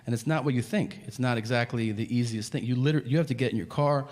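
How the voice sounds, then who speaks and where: A man's voice: medium pitch, fast, darkish tone. A male stand-up comedian telling a story on stage, profane and conversational, acting out the voices of the people in it. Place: large hall before a live audience. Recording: live stage recording in a reverberant hall. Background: audience laughter and ambience.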